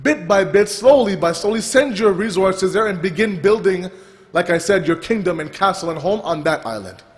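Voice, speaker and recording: A man with a notably high-pitched voice tells a parable during a sermon. His delivery is animated and full of restarts. The sound rings with the long reverb of a large hall. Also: moderate pace. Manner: animated storytelling with repeated restarts. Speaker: religious speaker. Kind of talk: sermon storytelling.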